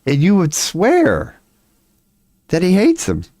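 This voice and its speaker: A man's voice: high voice, huge pitch swings, takes it slowly, dark tone, dry recording, clean studio sound. A man in his forties chatting casually on a livestream, rambling and profane, laughing often as he talks. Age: 40s. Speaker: streamer.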